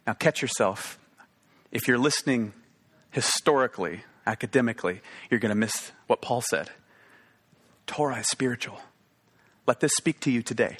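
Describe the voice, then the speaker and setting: A man's voice: fairly low pitch, measured pace, long pauses, a bit bright, slightly rough. A man preaching a sermon, earnest and emphatic, repeating phrases for stress. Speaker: pastor.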